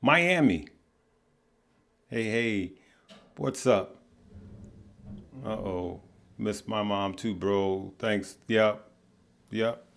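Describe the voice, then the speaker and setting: Slow, low-voiced man chatting on a livestream. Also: gravelly. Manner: greets viewers by name, relaxed and heartfelt. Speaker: livestream host. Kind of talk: casual livestream chat.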